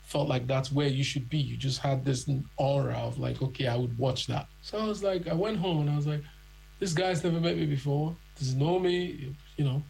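A man's voice: on the high side, moderate pace, vocal fry, breathy edge, low-quality recording. A man from Nigeria telling his own story in an interview, acting out the voices of people he met. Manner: animated, acts out other people's voices.

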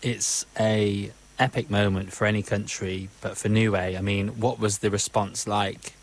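Low-voiced male sports reporter. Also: little pitch movement, unhurried. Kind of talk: interview.

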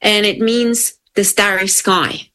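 A woman co-hosts a casual science chat. She is chatty and playful, often adding quick remarks. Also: medium pitch, fairly even intonation, bright, forceful tone. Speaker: podcast co-host.

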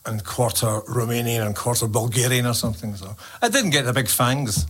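A man's voice: mid-range voice, lively intonation, a little fast, fairly bright tone, breathy edge. Joking Glaswegian man. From Scotland. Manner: joking, rambling, with Scots dialect words. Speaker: poet and guest. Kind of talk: casual chat and poetry reading.

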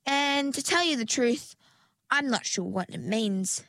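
A woman voicing a hopeful young mermaid girl in a storybook, eager and lifting high on her questions. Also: expressive, a little slow, fairly bright tone, no echo. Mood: earnest. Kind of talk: storybook character voice.

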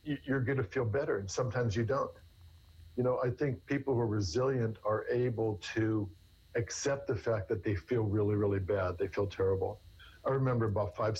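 A therapist, appearing as an interview guest, answers questions at length in a low, darkish, slightly rough voice. He rambles and often restarts with repeated words, and the recording is dull and lo-fi.

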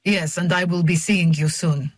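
A woman's voice: fairly low pitch, fairly even intonation, normal speed, breathy edge, dry recording. A woman reading an audiobook, voicing a guarded, terse, thin man who speaks in blunt, formal, sing-song English.

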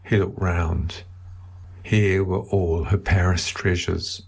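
Male narrator, audiobook novel, measured, slow, husky. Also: sits low, steady tone, a little mellow.

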